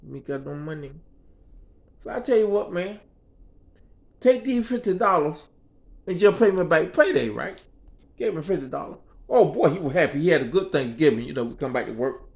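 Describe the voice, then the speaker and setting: A man's voice: fairly high pitch, expressive, fairly quick, creaky, muffled recording. Guy ranting a story, cussing, loose street talk, leaning hard on his points. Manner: emphatic, profane, street vernacular. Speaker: vlogger. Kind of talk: casual storytelling rant.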